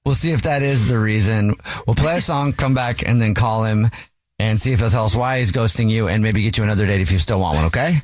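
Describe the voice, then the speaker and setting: A man with a fairly low voice hosts a radio show in a relaxed, easygoing manner. His studio sound is dry and close. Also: quick pace, dry recording. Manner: easygoing, laughs along. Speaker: radio host.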